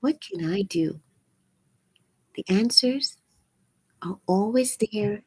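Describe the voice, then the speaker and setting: Woman host, raspy, earnest and preachy; unhurried delivery, dry sound. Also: mid-range voice, animated, mellow, no echo. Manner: earnest, preachy, repeats phrases for emphasis. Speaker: channel host. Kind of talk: live-streamed spiritual talk.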